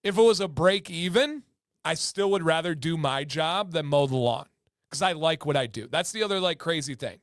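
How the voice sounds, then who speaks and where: On a relaxed livestream, the host leans on repetition to drive his points home, with lively intonation at a moderate pace. His somewhat high male voice is recorded close and dry, without any room echo.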